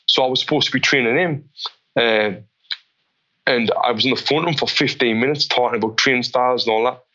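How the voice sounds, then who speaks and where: A man, a boxing coach being interviewed, telling animated stories and often restarting his sentences. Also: medium pitch, fairly quick, dull audio. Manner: animated storyteller with many restarts. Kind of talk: interview conversation.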